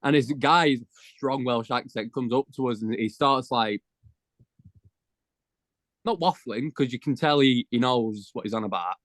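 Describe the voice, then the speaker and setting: Chatty teenage lad, dry sound. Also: male voice, medium pitch, measured pace, no room sound. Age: teens. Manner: chatty storyteller, slangy. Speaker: band member guest. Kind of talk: casual interview chat.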